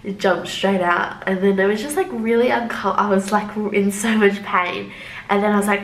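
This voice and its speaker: A woman's voice: mid-range voice, steady tone, moderate pace. A young woman vlogger recounting a story in an easygoing, rambling way, scattering "like" through her sentences. Her voice sits in a middle register. It carries a noticeable roomy echo. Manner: chatty, loose, heavy use of "like" as filler. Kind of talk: casual storytelling to camera.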